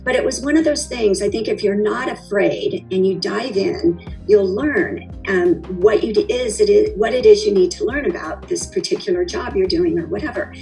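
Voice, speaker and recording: The founder of a cocktail company, a middle-aged woman, tells her story as an interview guest, chatty and rambling with many fillers and restarts. Her medium-pitched voice is gravelly and a little mellow, at normal speed. The audio is poor, with soft music in the background.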